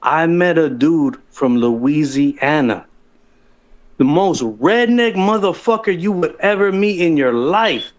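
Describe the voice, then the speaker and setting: Man, guest storyteller, fairly high voice, rambling, profane, casual livestream talk. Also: expressive, slow. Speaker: guest caller telling his story.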